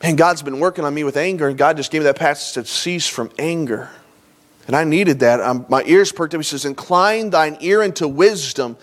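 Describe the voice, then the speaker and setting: A male pastor with a slightly high, somewhat bright voice preaches in a church sanctuary. He speaks conversationally and pauses to emphasize points.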